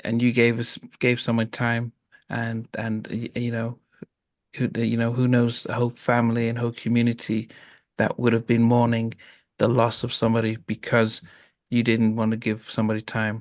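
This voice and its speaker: Male host, halting, lots of fillers, mid pitch, dry close sound. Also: monotone, no room sound. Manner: halting, many fillers and restarts. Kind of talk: casual interview chat.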